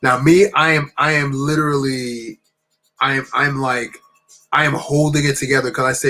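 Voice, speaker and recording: A man from New Jersey, a channel co-host, telling a personal story in a halting, repetitive way with many restarts. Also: medium pitch, steady tone, pushed and bright, faint music behind, low-quality recording.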